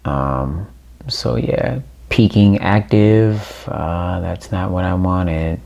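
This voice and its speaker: A man with a low, gravelly voice talks unhurriedly through a new phone's camera settings. He reads each on-screen prompt aloud as he goes and calls his viewers ladies and gentlemen, in an easygoing, thinking-out-loud walkthrough. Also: drawn-out words, dull audio. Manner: addresses viewers as ladies and gents. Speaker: tech reviewer. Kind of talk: casual unboxing walkthrough.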